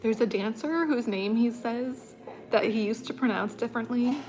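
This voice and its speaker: A woman's voice: a little high, normal speed, darkish tone, a little hiss or hum, low-quality recording. A woman vlogger chatting casually on a livestream, rambling and laughing often. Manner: mimics an announcer's voice.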